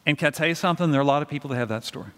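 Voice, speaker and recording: Slightly high-voiced man preaching in a reverberant hall. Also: very fast, fairly bright tone, clear, resonant tone. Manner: conversational storytelling with questions to the congregation. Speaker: pastor. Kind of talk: sermon.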